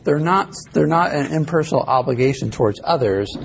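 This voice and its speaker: A man's voice: a little high, lively intonation, brisk, vocal fry, a little hiss or hum. A male ethics instructor giving a casual, rambling classroom lecture that he records live as a podcast. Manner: casual, rambling, self-correcting.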